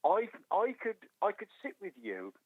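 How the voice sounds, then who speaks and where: A man's voice: high voice, huge pitch swings, measured pace, no echo. An older man with a Black Country accent, phoning into a radio show and telling his story in an eager, rambling way. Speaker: guest runner. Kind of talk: phone-in radio chat. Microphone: telephone. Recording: tinny phone line.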